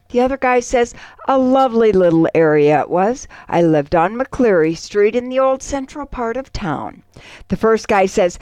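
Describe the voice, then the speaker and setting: Animated woman radio co-host. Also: medium pitch, moderate pace, clean tone, no room sound, clean studio sound. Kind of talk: reading ads and jokes on farm radio.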